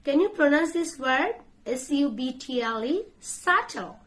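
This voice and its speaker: A woman's voice: sits high, lively intonation, unhurried, fairly bright tone. A woman teaching English pronunciation. She spells words out letter by letter and repeats each one many times as she corrects common mistakes. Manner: corrects common mispronunciations in short drill phrases. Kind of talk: pronunciation lesson.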